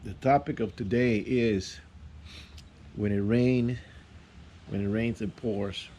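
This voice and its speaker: Man, low mellow voice, casual vlogger telling a rambling personal story with restarts, faint room ambience behind. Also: fairly even intonation, a little hiss or hum. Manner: rambling, halting, many restarts and fillers.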